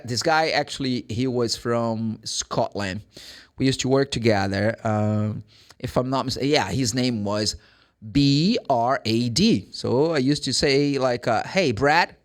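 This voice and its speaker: A man with a Brazilian Portuguese accent giving a casual, chatty English lesson, acting out greetings as he explains them. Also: medium pitch. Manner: chatty, animated, acts out greetings in quick impressions. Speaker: English teacher.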